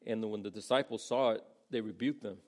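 A man's voice: fairly low pitch, a little fast. A man preaching a sermon in a casual, conversational way, acting out the people he quotes. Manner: conversational, acts out quoted voices. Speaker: pastor.

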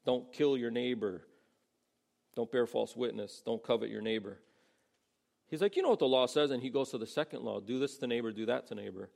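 Male pastor, gravelly voice, easygoing sermon delivery with quoted voices. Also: medium pitch, brisk, a little mellow. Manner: conversational, acts out quoted voices.

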